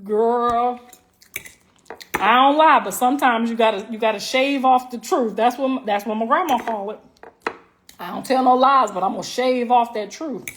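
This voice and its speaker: A woman hosting a casual livestream, telling loud, laughing, slangy stories. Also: a little high, normal speed, slight background noise. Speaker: livestream host. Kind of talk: casual live-stream chat.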